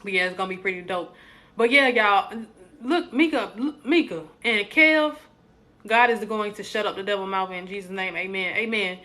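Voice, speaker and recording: A woman's voice: mid-range voice, a little fast, bright, forceful tone. A young adult woman, hosting a casual live stream, joking with viewers and preaching encouragement.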